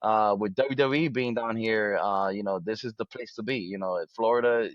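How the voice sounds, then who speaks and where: A man's voice: lowish voice, normal speed, no room sound, lo-fi sound. A man as an interview guest, talking casually with many restarts and fillers.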